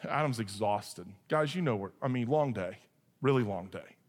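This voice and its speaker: A man preaching a sermon, telling a humorous story with lively asides and then reading scripture. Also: mid-range voice, normal speed. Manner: animated, joking, shifts into acted voices for characters. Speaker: pastor. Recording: long hall reverb.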